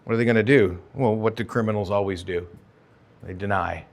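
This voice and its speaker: In a church sanctuary, a pastor delivers an expository sermon that is conversational yet emphatic, with sudden rises and drops in energy. His voice is fairly low, gravelly, and a little fast.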